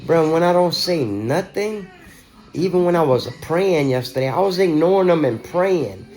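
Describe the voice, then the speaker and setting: A man's voice: fairly high pitch, lively intonation, normal speed, darkish tone. Man, angry ranting monologue, swearing a lot, repeats himself, faint music behind. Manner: agitated, profane, repetitive.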